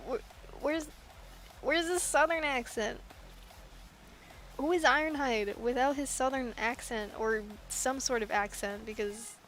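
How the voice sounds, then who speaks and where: Streaming her drawing session, a female artist chats casually, rambling and giggling and poking fun at herself. Her voice is fairly high and a bit bright.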